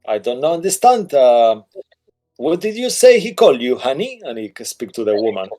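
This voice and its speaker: A man voicing an offended noble wife who talks in an indignant, shrill way. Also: very animated, moderate pace, dark tone, soft background music, lightly acted.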